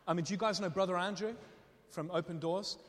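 A man's voice: high voice, fairly even intonation, quick pace, fairly bright tone, slight background noise. A man preaching a sermon, telling stories in a conversational but impassioned way. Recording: long hall reverb.

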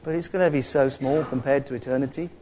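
A man preaching a lively, jokey sermon to a church. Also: mid-range voice, fast, a little hiss or hum. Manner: animated, jokey preaching with mocking put-on voices.

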